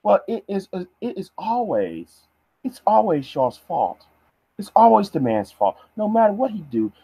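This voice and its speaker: A man doing a put-on British accent, sarcastic aggrieved bloke, lower and softer, dry sound. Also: sing-song, unhurried, gravelly, slightly rough, no echo, heavily acted, low-quality recording. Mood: mocking.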